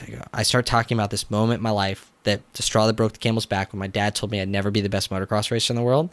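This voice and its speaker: Animated, dry-sounding man telling his story. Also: lowish voice, fast talker, no room sound. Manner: animated, acts out quotes, frequent "like" fillers. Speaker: business coach. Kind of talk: storytelling in a casual interview.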